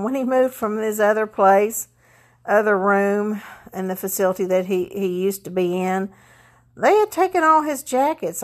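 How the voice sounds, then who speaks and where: A woman vlogger chatting casually about her holidays, rambling with many fillers and restarts. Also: mid-range voice. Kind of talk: casual chat.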